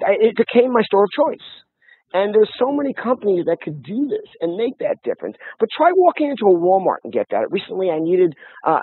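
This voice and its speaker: A man with a high, husky voice tells lively stories in casual conversation, often starting over mid-sentence. The sound is tinny and phone-like and very dry. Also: no echo. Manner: animated storytelling with many restarts. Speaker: guest.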